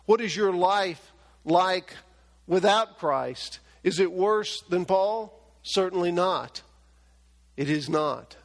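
A man with a high voice preaches a sermon to his congregation. He drives his points home through emphatic, stacked repetition. His voice rings with the long reverb of a large church hall. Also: slow. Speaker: pastor.

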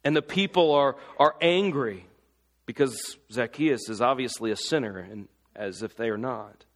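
A man's voice: mid-range voice, moderate pace. A man preaching a sermon, impassioned and full of rhetorical questions. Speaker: pastor. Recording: long hall reverb.

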